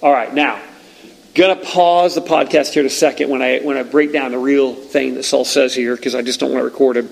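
A man's voice: medium pitch, steady tone, brisk, vocal fry, poor audio. A male pastor preaching a conversational, emphatic sermon with frequent asides to the congregation.

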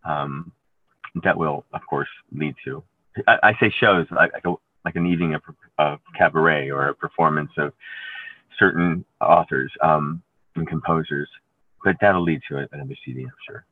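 Very low-voiced man on a tinny line. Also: no room sound. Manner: rambling, halting storytelling with many restarts. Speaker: actor guest. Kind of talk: conversational interview. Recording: tinny phone-like line, dry.

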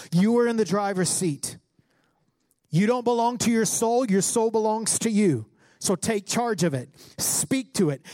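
A male pastor preaching a sermon with passion, climbing toward shouts as he quotes scripture. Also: sits high, no echo. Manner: impassioned preaching, rising to near-shouts when quoting scripture.

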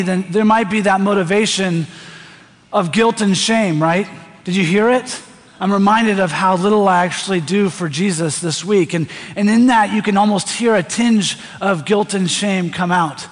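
A man preaching a sermon in a church, talking conversationally and often putting questions to the congregation. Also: sits high. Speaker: pastor. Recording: reverberant hall.

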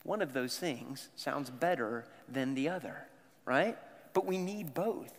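A Southern American pastor speaks at a medium pitch and an unhurried pace, preaching his sermon in a conversational way straight to his congregation. The large church sanctuary leaves a long, hall-like reverb on the recording.

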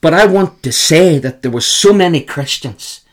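A man with a Northern Irish accent, a guest telling emphatic, animated stories in an interview. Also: fairly high pitch, moderate pace. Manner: animated, emphatic, repeats the host's name. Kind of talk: storytelling in an interview.

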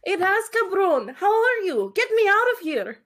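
A woman's voice: extremely high pitch, very animated, normal speed, a bit bright, pitched above the performer's own voice, heavily acted. A woman voicing a flirtatious, teasing male prisoner who drops bits of Spanish into his speech. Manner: playful, affectionate, bits of Spanish. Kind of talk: playing a tabletop game.

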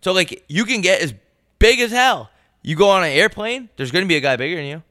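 Young male co-host, jokey and animated, bright voice, dry close mic. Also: sits high, fairly quick, no echo. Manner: joking, mocking, animated. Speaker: podcast co-host. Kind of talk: casual chat.

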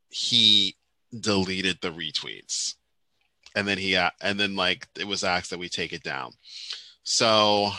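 Bright-voiced man in casual chat. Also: lowish voice, dry recording. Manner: emphatic, repeats himself, drops to quiet explanations. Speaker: podcast co-host.

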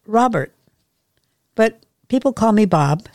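A woman's voice: mid-range voice, lively intonation, slow, a little mellow, dry recording, studio quality, voice pushed up. A woman voicing a nervous young man. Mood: earnest.

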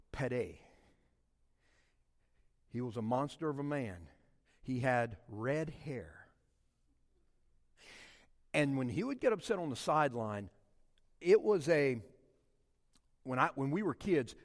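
Animated middle-aged preacher from Louisiana. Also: male voice, in a large hall. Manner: animated, swings from low and quiet to loud passionate peaks. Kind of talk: sermon with personal storytelling.

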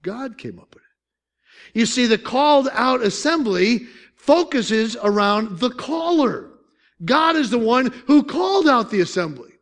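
A man's voice: very high-pitched, sing-song, a little slow, fairly bright tone. A man pastor preaching a sermon in a conversational way, with joking asides and questions to the congregation.

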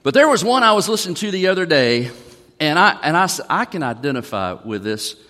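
Male pastor, lively animated delivery, folksy sermon, long church-hall reverb. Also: fairly high pitch, fairly quick. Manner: folksy, conversational, reads song lyrics aloud. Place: church sanctuary.

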